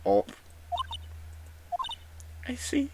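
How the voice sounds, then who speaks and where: A fan voice actor voicing a chatty young woman in a much higher voice. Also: extremely slow, heavy background noise. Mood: subdued. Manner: bright, chatty, high-pitched. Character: cheerful young female spirit medium. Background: music.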